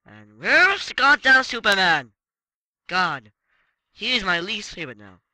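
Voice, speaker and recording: A man giving casual gameplay commentary as a let's play gamer, excitable and swearing, with frequent exclamations. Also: high-pitched, unhurried, poor audio.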